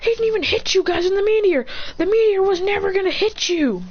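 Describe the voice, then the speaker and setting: A woman's voice: very high-pitched, animated, a little fast, a little mellow, slight background noise, pitched above the performer's own voice. A woman voicing a furious giant male fox spirit who scolds a crowd, on a slightly dull lo-fi recording. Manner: raging, scolding.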